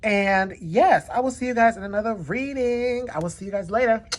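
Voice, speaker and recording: This tarot card reader is a woman whose voice sits a little high and moves at normal speed. Hosting a casual reading, she chats freely and leans heavily on "definitely."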